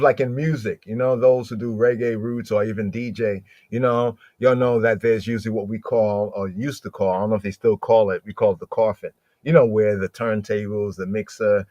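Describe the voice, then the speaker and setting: A man's voice: fairly low pitch, steady tone, fairly quick, hardly any pauses, dry recording, dull audio. A man hosting a podcast, teaching scripture in a loose conversational way and repeating words for emphasis. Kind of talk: casual Bible teaching talk.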